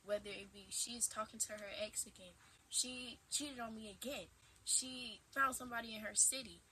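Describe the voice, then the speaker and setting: At home against a noisy background, a twenty-something woman vlogger tells a casual storytime into her camera in a voice on the high side and at a moderate pace. She's animated, acting out dramatic retorts as she quotes them.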